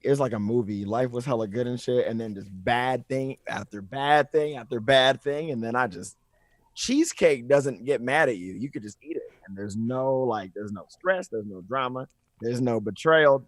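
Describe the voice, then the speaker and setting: A man chatting as a podcast guest, excitable, jumping between loud outbursts and mumbled asides. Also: medium pitch, normal speed, no echo, clean studio sound. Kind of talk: casual chat.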